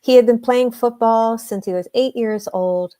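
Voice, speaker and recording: An energy healer appears as a guest, her voice a little high and mellow. She tells stories conversationally, earnest and emphatic, slowing down whenever she wants to stress a point.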